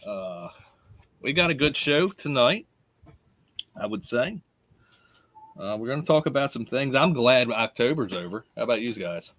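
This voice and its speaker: A man's voice: medium pitch, expressive, normal speed, pauses often, a bit bright, no echo. A man with a Baltimore accent hosting a live podcast in a casual, chatty way, greeting listeners by name and laughing often. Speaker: podcast host.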